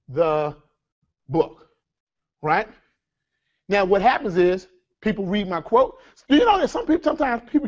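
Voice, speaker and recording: Man, high voice, lively seminar presenter, dull lo-fi room sound. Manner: energetic, addresses audience as folks, asks rhetorical questions. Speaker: seminar speaker. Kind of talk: live workshop teaching.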